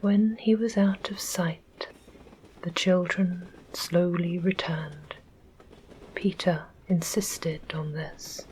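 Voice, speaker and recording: A woman with an English accent reading a classic children's story aloud as whispered ASMR narration, in a soft whisper. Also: fairly low pitch, slight background noise, rough recording. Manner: slow, calm storytelling. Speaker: audiobook narrator.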